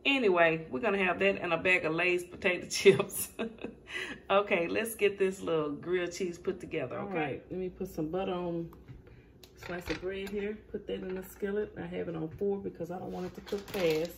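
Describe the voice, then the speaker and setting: A woman with a Southern US accent hosting a casual cooking vlog, chatty and quick to laugh at herself. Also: on the low side, creaky, a little hiss or hum. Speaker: cooking show host.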